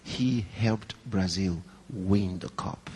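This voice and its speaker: A male pastor preaching a sermon to a live congregation, swinging between raised, high emphasis and hushed, low storytelling, and putting questions and asides to the audience. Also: takes it slowly, a little hiss or hum. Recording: long hall reverb.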